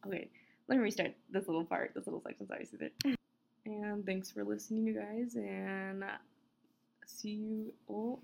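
A woman's voice: medium pitch, vocal fry, a little mellow. A woman podcast host recording blooper outtakes, flustered, laughing and restarting lines while apologizing to her editor. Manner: frequent laughter.

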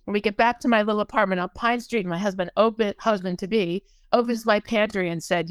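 An older American woman telling a personal story in a halting way, with many restarts and acted-out quotes. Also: mid-range voice, smooth, no room sound. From United States.

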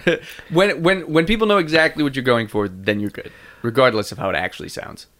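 A man's voice: mid-range voice, fairly quick, a bit bright. A man co-hosting a casual comedy podcast, joking and swearing and laughing often. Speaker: podcast co-host.

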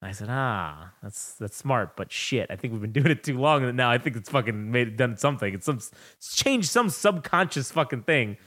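A man's voice: medium pitch, lively intonation, brisk, hardly any pauses, fairly bright tone. A young man co-hosting a podcast, telling a rambling, profane story about raising his daughter in casual chat. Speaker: podcast co-host.

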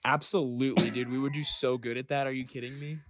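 A man's voice: medium pitch, steady tone, fast talker, a bit bright. A young man co-hosting a casual podcast chat, rambling and swearing, calling his friend dude and bro. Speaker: podcast co-host.

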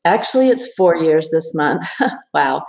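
A woman in her fifties, a therapist, talking thoughtfully in an interview with many pauses and restarts. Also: sits low, expressive, gravelly, a little mellow, roomy sound. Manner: reflective, hesitant with many restarts and fillers. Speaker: therapist guest. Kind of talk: casual interview.

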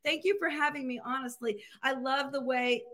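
A woman's voice: sits high, moderate pace, fairly bright tone. A woman chatting as a podcast guest, affirming and friendly in tone. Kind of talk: casual podcast chat.

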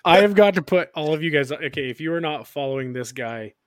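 A man co-hosting a podcast in casual chat, animated and laughing often, with tumbling restarts. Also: on the high side, fairly quick, dry recording. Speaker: podcast co-host.

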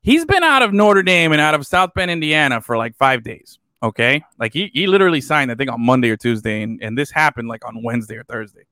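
A male podcast host chatting about sports in an animated, joking way, often trailing off into fillers. His voice is bright and high, with a lot of swing in pitch. The sound is dry and close. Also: fast talker, hardly any pauses, no room sound. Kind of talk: casual sports chat.

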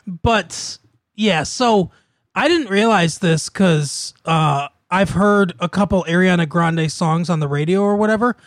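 Casting: high-pitched guy, dry close sound, easygoing and profane co-host chatter. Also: a little slow, no echo. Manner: laid-back, swears and laughs often. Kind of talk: casual chat.

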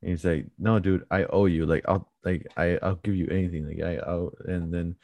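A young man chatting casually about movies, laughing often and retelling scenes quickly. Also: low voice, fairly even intonation, darkish tone, no room sound.

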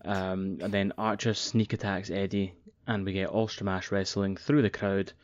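Excitable man, dull lo-fi sound. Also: low voice, normal speed, no echo. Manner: excitable, sweary. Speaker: podcast co-host. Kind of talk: casual wrestling recap.

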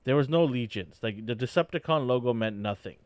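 A man's voice: mid-range voice, expressive, a little fast, darkish tone, clean tone, no room sound. A man in a casual fan discussion, opinionated and rambling as he builds his points.

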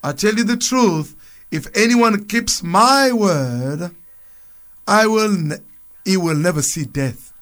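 A man's voice: sits high, lively intonation, takes it slowly, fairly bright tone. A man on a radio program reading Bible passages aloud and explaining them in a loose, conversational way. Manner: reads scripture aloud, then comments with restarts and chuckles. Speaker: church speaker on a radio program.

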